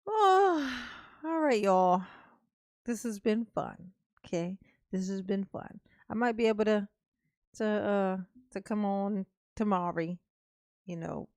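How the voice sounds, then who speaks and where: A woman's voice: medium pitch, a little mellow, dry recording. A woman hosting a casual livestream, talking in an affectionate, playful sing-song way and laughing with her viewers. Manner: calls herself Mama, drawn-out words. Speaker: livestream host.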